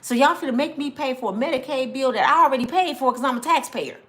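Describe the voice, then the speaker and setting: A woman's voice: sits high, fast talker. A woman, ranting angrily to camera, swearing and repeating herself. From Michigan, US. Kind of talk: angry personal rant.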